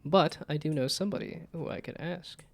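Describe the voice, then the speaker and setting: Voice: medium pitch, brisk, gravelly. A VTuber streamer giving playful live commentary over a story game, slipping into mock-archaic phrases and laughing often.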